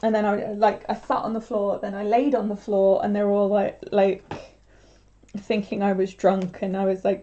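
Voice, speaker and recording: A young woman chats loosely while crafting on a livestream, wandering from thought to thought with plenty of filler words. Her voice sits mid-range and sounds mellow and warm. The recording is dull and lo-fi. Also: mid-range voice, flat delivery, moderate pace. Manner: rambling, chatty, full of filler words.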